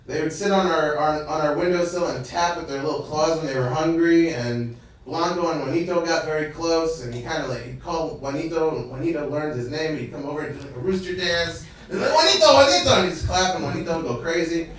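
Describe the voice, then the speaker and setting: A man's voice: on the high side, brisk. A man telling a comic personal story on stage, chatty and laughing at his own jokes. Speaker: stand-up comedian. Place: live venue with audience. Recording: echoey room, distant mic, crowd laughter.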